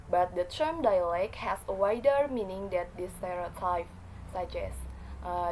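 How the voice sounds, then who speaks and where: A woman's voice: mid-range voice, darkish tone, slight background noise, rough recording. A woman reading a class presentation from notes, with frequent fillers and small slips.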